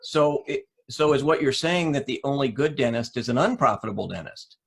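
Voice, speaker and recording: A podcast host in a casual interview, relaxed, with frequent affirming backchannels. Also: male voice, mid-range voice, fairly quick, vocal fry, husky.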